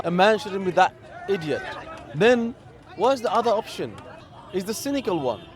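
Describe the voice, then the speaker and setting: A man from Bangladesh, a political commentator, speaking outdoors in a heated, emphatic monologue full of rhetorical questions. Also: sits high. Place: outdoors in a city.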